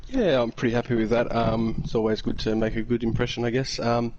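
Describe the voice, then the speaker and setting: Racing guy on voice chat, talks fast, modest, ums a lot, muffled noisy line. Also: mid-range voice, darkish tone. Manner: quick, modest, hesitant with ums. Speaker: sim racing driver guest. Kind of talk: casual interview over voice chat. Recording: dull lo-fi voice chat with noise.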